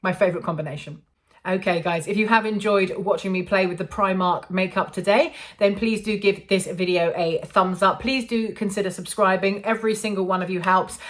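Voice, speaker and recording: A woman's voice: medium pitch, steady tone, a little fast. A woman, chatting to camera in a casual make-up review, self-amused and full of ums. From England. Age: 40s. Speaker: beauty vlogger.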